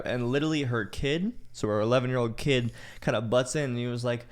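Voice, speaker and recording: A man's voice: medium pitch, fast talker, hardly any pauses. A young man casually telling a rambling, profanity-filled story as a podcast co-host, with many "like"s.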